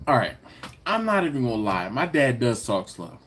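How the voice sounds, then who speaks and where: A man hosts a casual live stream, reading viewer comments out loud and answering them playfully, laughing often and stretching words for teasing emphasis. His mid-range voice swings widely in pitch and has a fairly bright tone. There's slight background noise.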